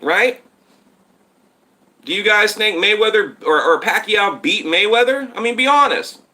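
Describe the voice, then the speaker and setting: A man hosts a casual boxing live stream from home, talking straight to his viewers and wandering between points as he reads their comments. His voice sits high and cuts through with a bright, tense edge. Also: expressive, measured pace. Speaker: boxing channel host. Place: home setup in Texas. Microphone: tablet on live stream.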